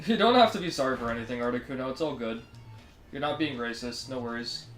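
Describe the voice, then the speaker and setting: A man's voice: medium pitch, lively intonation, quick pace, fairly bright tone. A man with a Canadian accent, chatting casually on a live stream and answering his viewers in a friendly, easygoing way. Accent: Canadian English. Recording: roomy sound with faint music.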